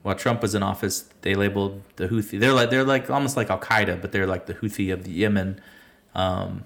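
A man's voice: sits low, steady tone, a little fast, vocal fry, fairly bright tone. A man co-hosting a podcast, talking politics in a rambling, profane way, restarting sentences and laughing at his own jokes. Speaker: podcast co-host. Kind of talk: casual profane political chat.

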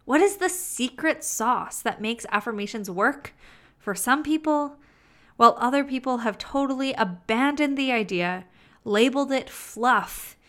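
Slow, bright-voiced woman teaching. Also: medium pitch. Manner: slow, deliberate delivery with playful asides and laughter. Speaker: self-help teacher. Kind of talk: motivational teaching monologue.

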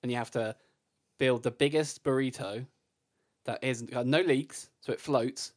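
A man co-hosting a casual podcast, inventing silly sports in a deadpan way and laughing often. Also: medium pitch, unhurried. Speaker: podcast co-host. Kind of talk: casual chat.

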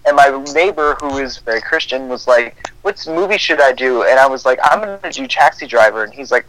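A man's voice: medium pitch, fairly quick, hardly any pauses, dry recording, rough recording. A young man co-hosting a casual podcast chat, telling stories and acting out the dialogue in them. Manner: animated storyteller acting out quoted dialogue. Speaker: podcast co-host.

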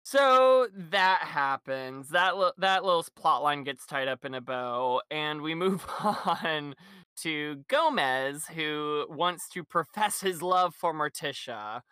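A man chatting casually on a podcast, wandering through his thoughts with lots of fillers and laughter. His voice is bright and smooth, and the sound is dry and close. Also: on the high side, lively intonation, takes it slowly, dry recording. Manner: rambling, laughs often, many fillers. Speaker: podcast co-host. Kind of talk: casual chat recapping a musical.

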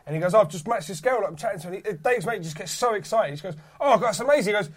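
A man's voice: sits high, very fast. A man, co-hosting a casual chat and telling stories with lots of laughter. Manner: animated, laughing storyteller. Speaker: podcast co-host.

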